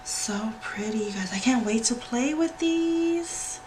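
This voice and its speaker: Woman, gushing unboxing host, slow drawl, noisy home recording with clicking. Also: a little high. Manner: excitable, gushing, frequent squeals and "y'all". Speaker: planner channel host. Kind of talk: casual unboxing vlog.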